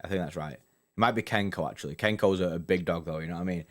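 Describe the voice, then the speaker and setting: A man's voice: sits low, racing, a bit bright. A young man hosting a casual football fan live stream, bantering loosely with viewers and reading out their comments. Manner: chatty, laid-back banter with frequent "mate" and "innit". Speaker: football fan channel host.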